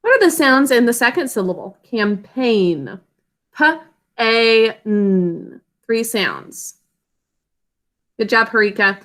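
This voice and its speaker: A woman's voice: a little high, fairly bright tone. A woman teacher giving a spelling lesson to children over a video call, patiently sounding out words and syllables.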